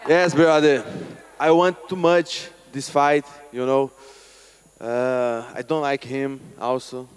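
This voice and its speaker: A man speaking halting, non-native English as a fighter at a press event, blunt and plainspoken. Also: medium pitch, steady tone, a little hiss or hum. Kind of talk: casual press conference answers.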